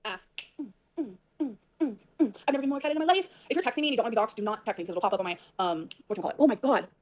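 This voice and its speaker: A woman talks to her viewers on a livestream at a breakneck pace, in a slightly high voice. She rambles and gets flustered, swearing as she goes. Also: expressive, rapid-fire, darkish tone, a little hiss or hum.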